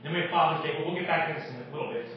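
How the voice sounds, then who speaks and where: A male pastor preaching a sermon with impassioned swings from loud declarations to hushed prayer, in a church sanctuary. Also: a little high, very fast, background noise. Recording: echoey distant room, dull lo-fi sound.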